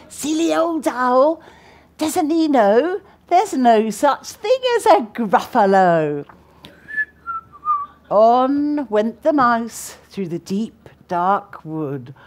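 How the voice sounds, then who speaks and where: A lively, high-voiced woman reading a storybook. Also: drawn-out words. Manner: animated, sing-song reading with laughs. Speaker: children's author. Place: festival stage.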